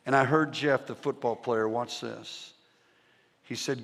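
A man preaching his testimony as an animated story to a live audience, swinging from shouting to hushed tones. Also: mid-range voice, a little slow, creaky. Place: large church hall with audience. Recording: reverberant hall sound.

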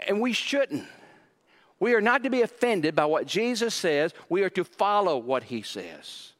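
A man pastor preaching a sermon, animated and acting out quoted voices, often repeating words for emphasis. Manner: animated, acts out quoted voices with rising pitch; repeats words when stressing a point.

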